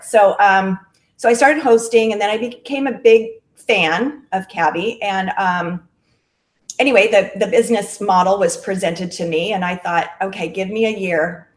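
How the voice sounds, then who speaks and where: A middle-aged woman, a direct-sales clothing stylist, chatting casually in an interview with lots of fillers. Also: mid-range voice. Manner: chatty and friendly, with frequent fillers. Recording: roomy echo.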